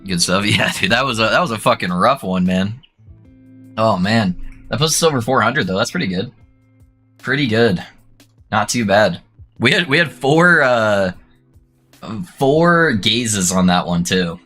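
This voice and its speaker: A young adult man streaming a game, chatting casually with viewers and breaking into excited whoops and laughs. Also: lowish voice, measured pace, long pauses, faint music behind. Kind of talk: casual gaming stream chat.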